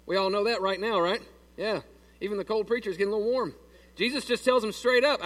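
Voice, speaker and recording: A man's voice: high voice, fast, fairly bright tone, far from the mic. A man preaching a sermon in a church, folksy and joking with his congregation. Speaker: pastor. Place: church sanctuary.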